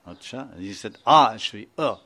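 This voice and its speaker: A man's voice: on the low side, lively intonation, a little fast, sharp tone. A man with an Indian accent, a spiritual teacher giving an informal class, rambling, chuckling and often asking his listeners to confirm.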